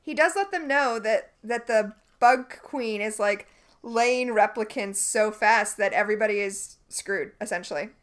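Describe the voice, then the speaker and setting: With a medium-pitched voice and a slightly slow pace, this podcast co-host animatedly walks through a TV episode. She chats casually, recapping scenes and quoting the characters.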